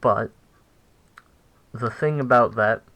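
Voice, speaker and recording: A young man giving a casual language lesson, halting and full of fillers as he corrects himself. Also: medium pitch, vocal fry, sharp tone, rough recording. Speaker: language teacher.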